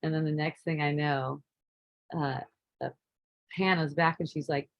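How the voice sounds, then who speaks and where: A woman casually telling a personal story, relaxed and rambling, laughing often. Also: low-pitched, measured pace, dull audio. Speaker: spiritual teacher.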